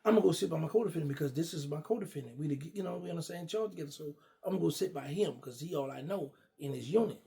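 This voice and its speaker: A middle-aged man casually telling a long personal story, animated and acting out what others said. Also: on the high side, racing, gravelly, few pauses. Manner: animated, acts out quoted dialogue. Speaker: guest storyteller.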